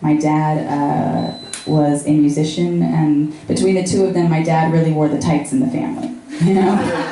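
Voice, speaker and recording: Young female stand-up, low mellow voice, wry and self-mocking, echoey club. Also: a little hiss or hum. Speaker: stand-up comic. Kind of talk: stand-up set.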